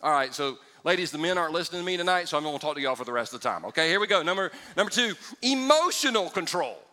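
A male pastor preaching a sermon, joking with the congregation and dropping from loud exclamations to hushed asides. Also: on the high side, big pitch swings, rapid-fire. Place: church sanctuary before a congregation. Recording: church hall with long reverb.

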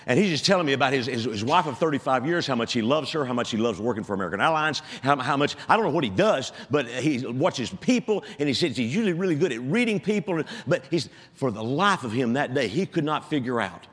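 A man's voice: medium pitch, animated, quick pace, hardly any pauses, a bit bright, slightly rough. Casting note: retired pastor in his seventies, self-deprecating storyteller, church hall reverb. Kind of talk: sermon with a humorous story. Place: church sanctuary.

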